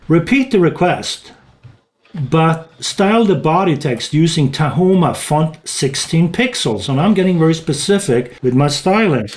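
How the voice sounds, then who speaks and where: Male tutorial presenter, slightly high voice, casual screen-demo narration with small restarts. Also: a little mellow. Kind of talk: screen-recorded software walkthrough.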